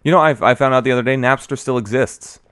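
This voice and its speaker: A man's voice: mid-range voice, fast, a bit bright, clean tone, no echo, studio quality. A young man co-hosting a podcast in casual chat, rambling and swearing freely with lots of fillers. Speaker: podcast co-host.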